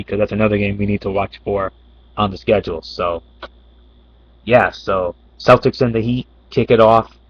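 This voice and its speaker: Flat-voiced man doing sports talk. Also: lowish voice, no room sound, muffled recording. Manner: unscripted, many fillers and restarts. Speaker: sports commentator. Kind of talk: casual talk.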